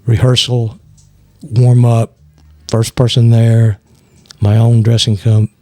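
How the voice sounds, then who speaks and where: A man's voice: medium pitch, takes it slowly, dry recording, soft background music. Texan man telling a story animatedly. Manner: animated, acts out quoted voices; frequent restarts and stammers. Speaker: guest actor. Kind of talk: casual storytelling.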